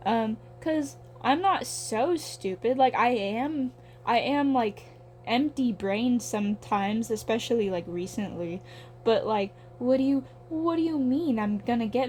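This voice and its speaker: A woman's voice: fairly high pitch, darkish tone, slight background noise. A young woman in her twenties talking casually while she draws, rambling and swearing with a self-deprecating streak. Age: young adult. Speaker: vlogger.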